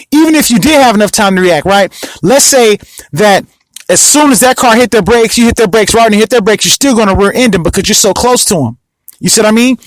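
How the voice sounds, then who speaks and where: High voiced guy rambling fast on his podcast, keeps asking you see what i mean. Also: no room sound, poor audio. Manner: rambling, repeats himself, lots of restarts; emphatic, asks the listener often. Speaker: podcast host. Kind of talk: casual monologue.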